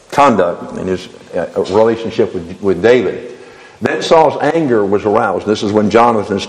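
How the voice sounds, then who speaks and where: A man's voice: lowish voice, long reverb tail, rough recording. A man preaching a sermon, often stumbling and repeating words as he goes.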